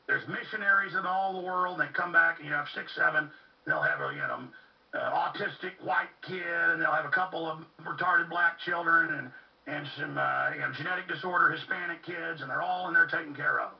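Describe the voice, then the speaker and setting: A man's voice: a little high, brisk. A man hosting a talk radio show, delivering an impassioned monologue with urgent repetition. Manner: fervent, ranting, with urgent repetition. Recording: muffled, distant, lo-fi recording.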